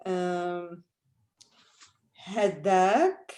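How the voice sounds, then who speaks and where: A woman teaching a language lesson online, drilling words with her students slowly and patiently. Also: fairly low pitch, a little mellow. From Arab world. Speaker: Arabic teacher.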